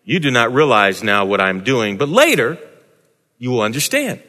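A man voicing a calm, gentle male teacher who speaks low, soft and measured. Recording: echoey hall.

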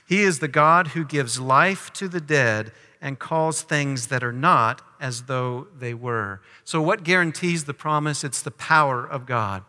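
A man's voice: on the high side, sharp tone, big-room sound. A man preaching a sermon, reading scripture aloud and asking his listeners teaching questions. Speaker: pastor.

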